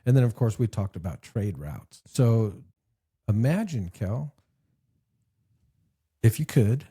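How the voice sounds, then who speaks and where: Man, podcast co-host, mellow and husky, rambling storyteller. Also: on the low side, sing-song, slow. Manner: rambling storyteller, laughs at own jokes. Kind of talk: casual chat and joke telling.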